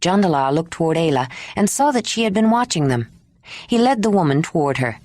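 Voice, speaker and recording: Woman reading audiobook, low lively voice, dry close sound. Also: a little fast, dry recording. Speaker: audiobook narrator. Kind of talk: scripted narration.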